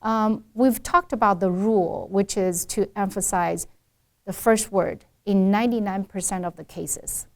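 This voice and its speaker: A woman accent coach talks through a pronunciation lesson, steady and explanatory. She repeats words both the wrong way and the right way so the contrast is clear. Her voice sits at an ordinary mid pitch. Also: measured pace.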